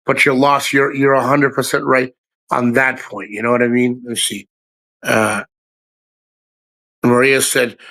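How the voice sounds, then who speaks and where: Male livestream host, casual chat, blunt and profane, mid-pitched, loose rambling delivery. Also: measured pace, sharp tone. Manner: frank, heavy swearing, rambling asides to the chat.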